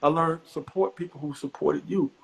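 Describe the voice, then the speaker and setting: A middle-aged man from the US East Coast, a comedian guest telling profane stories with animated, high-pitched acted quotes. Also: moderate pace, gravelly, slightly rough, rough recording. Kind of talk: animated storytelling.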